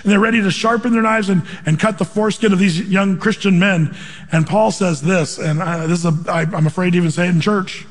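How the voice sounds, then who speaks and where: A man preaching a sermon as pastor, animated, quoting scripture and acting out voices. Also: high-pitched, brisk, in a large hall.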